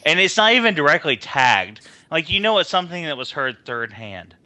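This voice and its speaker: A man's voice: a little high, very animated, normal speed, sharp tone, no echo. A man co-hosting a casual podcast, rambling and swearing with lots of fillers. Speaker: podcast co-host.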